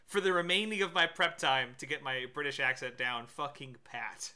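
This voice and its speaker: A man co-hosting a casual podcast, often halting and searching for his words. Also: medium pitch, pushed and bright. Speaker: podcast co-host.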